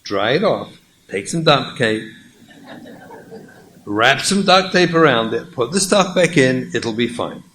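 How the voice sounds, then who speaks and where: Male lecturer doing a steady young wife giving orders, soothing, lowered voice. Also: measured pace, long pauses, a little hiss or hum. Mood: calm, directive. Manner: soothing, instructive. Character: calm practical young wife taking charge.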